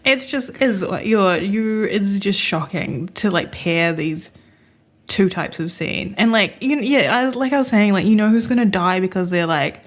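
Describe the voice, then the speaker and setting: A woman's voice: medium pitch, animated, moderate pace. Woman ranting about a movie on a podcast, laughs a lot. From Australia. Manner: laughing, mocks accents with put-on voices. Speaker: podcast co-host. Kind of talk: casual chat.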